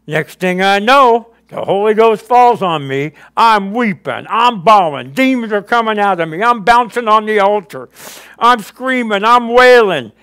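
A man with a high, light voice preaches to his congregation. He tells his story with lively, animated storytelling and acts out his past conversations with God. He keeps turning to the room with quick questions. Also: clean tone. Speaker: pastor. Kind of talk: sermon.

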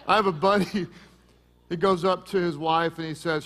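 A middle-aged man preaching a sermon as pastor, joking and lively, with sudden loud peaks. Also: on the high side, fairly quick.

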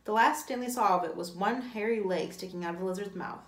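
A woman's voice: mid-range voice, fast. A woman, a teacher, reading a novel aloud, with occasional slips and self-corrections. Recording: echoey room.

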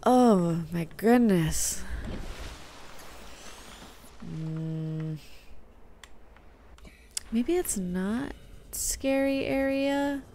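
A woman's voice: mid-range voice, extremely slow, long pauses, mellow, a little hiss or hum. A woman hosting a gaming video, giving let's-play commentary and reacting aloud with gasps and small whispered asides.

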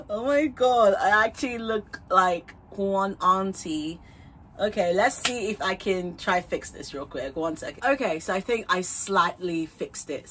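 A woman's voice: on the low side, noisy background. A young woman vlogger chatting casually while trying on wigs at home, bubbly and rambling, laughing often and swearing freely.

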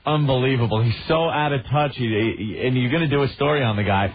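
A man hosting a radio show, ranting in casual chat with a mocking, animated manner. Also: medium pitch, fast talker. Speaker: radio host. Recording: muffled radio broadcast with faint hiss.

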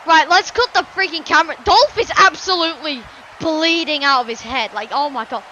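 A woman giving excitable play-by-play commentary on a wrestling video game, shouting and gasping at big moments and rambling between. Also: high voice, normal speed, highs cut off, slight background noise.

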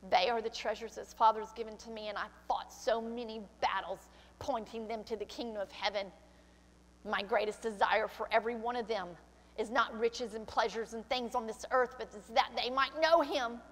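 A woman's voice: fairly high pitch, steady tone, moderate pace, a bit bright, in a large hall. An older woman pastor preaching a sermon, emotional and tearful, slipping into prayer. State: crying. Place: church sanctuary.

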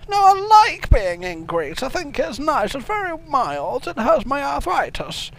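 Brief: a man doing a crabby old dad, very high and gravelly, deadpan, for improvised game commentary. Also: a little slow, a little hiss or hum, exaggerated voice. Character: cranky crude elderly father, gravelly and high. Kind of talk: improvised comedy gaming commentary.

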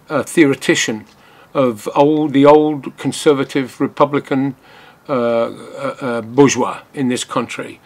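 A man's voice: mid-range voice, moderate pace. An older man from Britain, giving a political commentary while reading from an article, hesitant and full of restarts.

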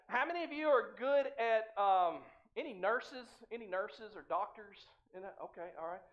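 A man's voice: high-pitched, lively intonation, normal speed, hardly any pauses. A male pastor preaching a sermon, acting out the dialogue of the story and putting questions to the congregation. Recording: muffled, slightly lo-fi church recording.

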